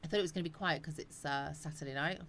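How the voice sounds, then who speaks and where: A woman's voice: low-pitched, fast talker, a bit bright. A woman hosting a casual live chat, rambling and answering viewers' comments. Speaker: live stream host.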